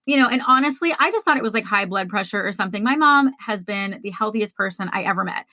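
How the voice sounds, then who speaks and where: A woman's voice: medium pitch, lively intonation, fast, pushed and bright, no room sound, highs cut off. A woman hosting a podcast, telling a personal story in a candid, conversational way and speaking straight to her listeners. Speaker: podcast host.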